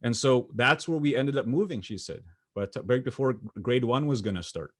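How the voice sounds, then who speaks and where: A young adult man from Canada giving a motivational keynote, telling personal stories in an earnest, pausing way with small restarts. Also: medium pitch. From Sweetgrass First Nation, Saskatchewan, Canada. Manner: earnest storytelling with pauses and restarts. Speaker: motivational speaker. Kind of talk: keynote speech.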